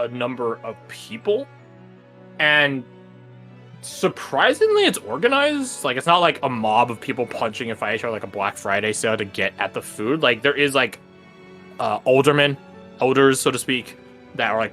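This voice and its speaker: A man's voice: mid-range voice, sing-song, moderate pace, a bit bright, faint music behind. A man running a tabletop game as game master, describing the scene in a casual, rambling way full of filler words.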